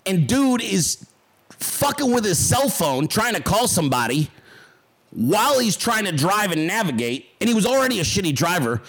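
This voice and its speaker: A man's voice: high voice, big pitch swings, moderate pace, a bit bright, husky. A man hosting his own show, telling a rambling, profanity-laced story with quoted voices in a casual monologue. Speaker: podcast host.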